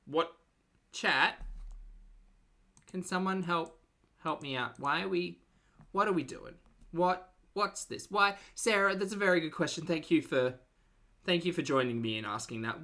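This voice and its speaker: A woman's voice: low-pitched, measured pace, long pauses, pushed and bright. A woman giving mocking reaction commentary and wry asides to her chat.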